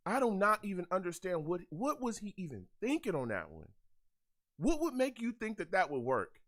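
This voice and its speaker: A man's voice: sits high, wildly swooping pitch, normal speed. A young man hosting a live game reaction show, ranting in exasperation, repeating himself, and reading out chat comments. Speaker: fan show host.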